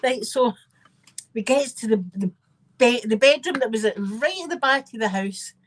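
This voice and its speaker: A woman with a Scottish accent telling rambling, animated family anecdotes in a casual chat, with frequent asides. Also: on the high side, normal speed, slight background noise. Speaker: channel host.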